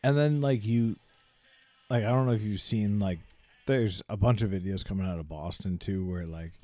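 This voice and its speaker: A man's voice: fairly low pitch, moderate pace, dark tone, no room sound, faint music behind. A man co-hosting a casual podcast, laid-back and swearing in passing. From Maine. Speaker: podcast co-host. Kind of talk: casual chat.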